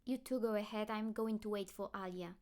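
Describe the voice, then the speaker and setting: A woman's voice: medium pitch, brisk, a little mellow, lightly acted. A woman reading aloud and voicing a teenage girl who is caring, earnest and worried for her friend.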